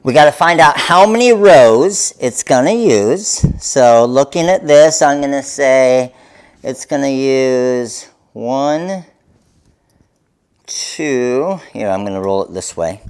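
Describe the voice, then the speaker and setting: A man's voice: mid-range voice, animated, slow, a little mellow, clear, resonant tone. A man hosting a live craft tutorial, talking viewers through each step in an upbeat way. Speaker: craft demonstrator.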